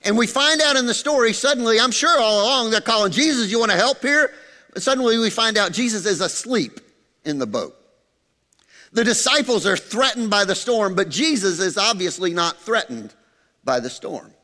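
A man preaching a sermon as pastor, animated, dropping to soft low tones for emphasis. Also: big-room sound.

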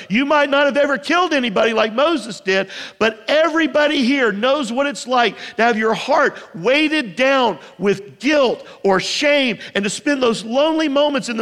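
A male pastor preaching a sermon with passion, swinging between raised, urgent calls and hushed, earnest pleas. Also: very high-pitched. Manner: impassioned, shifting between shouts and hushed pleas. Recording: reverberant hall recording.

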